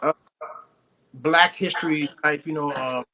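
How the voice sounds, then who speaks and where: A man's voice: on the high side, fairly even intonation, measured pace, bright, forceful tone, a little hiss or hum. A man hosting a casual podcast interview, enthusiastic and encouraging, often repeating his phrases. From Puerto Rican and Cuban heritage. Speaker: podcast host.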